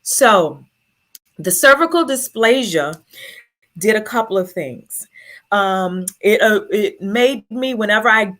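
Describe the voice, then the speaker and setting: A woman's voice: mid-range voice, animated, slow pace, a bit bright. A woman telling her own story to an audience, earnest and emotional, holding back tears. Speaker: speaker sharing her story.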